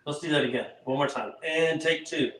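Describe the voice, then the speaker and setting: A man's voice: a little high, steady tone, fairly quick, fairly bright tone. A man co-hosting a casual livestream from behind the camera, making joking, teasing asides. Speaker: co-host, husband running the camera. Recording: roomy, from a distance, faint background noise.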